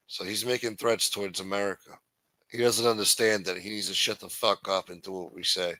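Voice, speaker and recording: A man's voice: lowish voice, fairly even intonation, fairly quick, sharp tone, no echo, poor audio. A man hosting a livestream, ranting in an angry, profane, blunt manner. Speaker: host. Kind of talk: livestream political rant.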